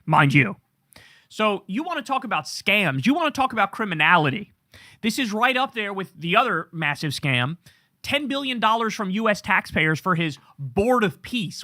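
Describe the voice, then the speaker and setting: A man rants through heated political commentary, swearing and mocking as he goes. His voice runs high and bright. The sound is close and dry. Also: dry recording. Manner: angry, profane, sarcastic ranting.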